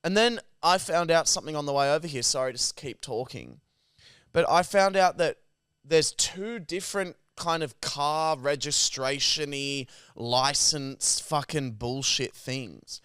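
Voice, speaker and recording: A man's voice: a little high, unhurried, clear, resonant tone, no echo, studio quality. An Australian man co-hosting a podcast, telling stories in casual, profane chat. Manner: animated, profane storytelling. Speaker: podcast co-host.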